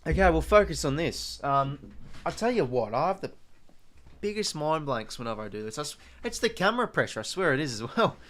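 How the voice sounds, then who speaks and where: A man's voice: fairly high pitch, lively intonation, brisk, fairly bright tone. A young Australian man hosting a live stream, chatting casually with viewers and muttering to himself while working through a quiz.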